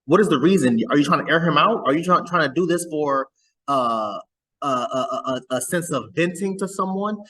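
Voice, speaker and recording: Husky man giving reaction commentary. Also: a little high, lively intonation, moderate pace, fairly bright tone, poor audio. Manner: chatty, repeats and stammers over words. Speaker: reaction video host.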